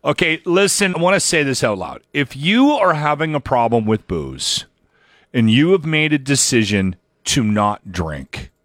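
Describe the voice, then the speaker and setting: A chatty male radio host talking in an easy, animated way and acting out the lines he quotes. His voice sits at a middle pitch, and the studio sound is close and dry. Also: unhurried, dry recording. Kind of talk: casual morning radio chat.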